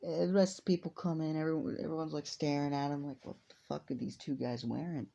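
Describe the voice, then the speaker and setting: A man's voice: on the high side, level tone, quick pace, vocal fry, warm tone, dull audio. A man improvising a fan story aloud, rambling and swearing casually as he goes. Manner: rambling, profane, off-the-cuff.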